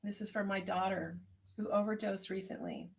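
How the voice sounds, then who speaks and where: A woman herbalist hosting an online tea circle, speaking in a gentle, unhurried, prayerful way as she reflects and reads out messages. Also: medium pitch, fairly even intonation. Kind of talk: reflective spoken meditation and chat reading.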